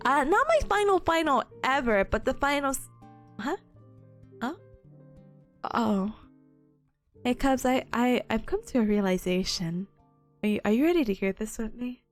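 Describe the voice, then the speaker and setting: A young woman chats with her viewers on a casual study stream, her high voice bouncing up and down as she giggles between notes. Her voice sounds a little sore. Soft music plays faintly behind her. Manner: giggly, bubbly, laughs often between lines; chatty, greets viewers, acts out patients. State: sore voice, occasional coughing.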